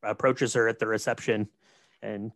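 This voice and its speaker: A man chatting casually, relaxed and quiet, taking his turn to recap a film. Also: lowish voice, moderate pace, no room sound. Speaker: podcast co-host. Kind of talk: casual chat.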